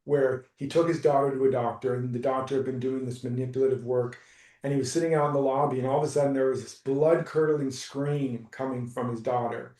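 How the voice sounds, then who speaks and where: A man coaching someone through a live session, talking in a soft, reassuring, unhurried way. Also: mid-range voice, fairly even intonation. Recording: roomy, distant from the mic.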